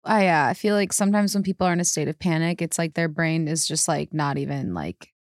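A woman's voice: sits low, a little fast, no echo, clean studio sound. A woman guest co-hosting a podcast, chatting in a laid-back, agreeable way. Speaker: guest co-host. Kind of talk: casual chat.

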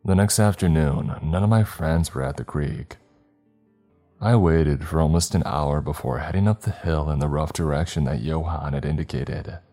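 A man narrating a horror story in a measured, ominous way. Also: rumbling low, mellow, soft background music.

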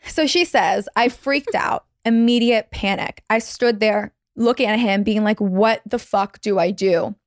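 Woman guest, storyteller, measured creepy delivery, dry close mic, mid pitch. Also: dry recording. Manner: reads a listener's story slowly and dramatically. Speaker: podcast guest telling a scary story. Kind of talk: casual storytelling on a video call. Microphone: video call.

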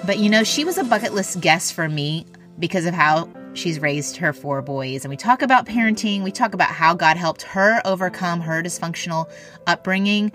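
A woman's voice: fairly low pitch, normal speed, soft background music. Chatty woman podcast host. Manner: warm, chatty, encouraging. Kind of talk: casual podcast chat and read ad.

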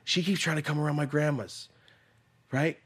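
A man hosting a podcast in casual chat, telling stories bluntly and profanely, dropping to low mutters and then bursting out loud as he acts out the people in them. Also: steady tone, normal speed, breathy edge. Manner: profane, blunt storytelling that acts out quoted voices. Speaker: podcast host.

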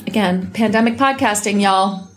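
A woman's voice: mid-range voice, moderate pace, a little hiss or hum. A woman hosting her own podcast from home, talking in a blunt, heated and profane way, still recovering from an illness. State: recovering from illness, may cough. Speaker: podcast host. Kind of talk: casual solo podcast monologue.

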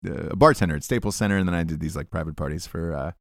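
A man's voice: low-pitched, fast, gravelly, a little mellow, dry recording, studio quality. Profane rambling male podcast host. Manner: profane, rambling, restarts often. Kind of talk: casual chat and ad reads.

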